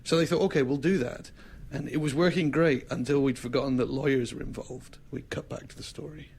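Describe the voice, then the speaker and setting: A man's voice: mid-range voice, fairly quick, gravelly, a little hiss or hum. A man casually telling an anecdote as a podcast guest, acting out the voices of the people in his story. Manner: lively storyteller who acts out the other people in his story.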